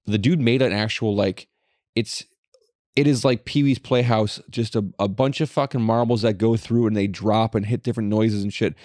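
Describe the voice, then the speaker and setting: A man's voice: fairly low pitch, fairly even intonation, moderate pace, darkish tone, no room sound, clean studio sound. A young man co-hosting a casual podcast, rambling with lots of swearing and filler words. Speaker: podcast co-host. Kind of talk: casual chat.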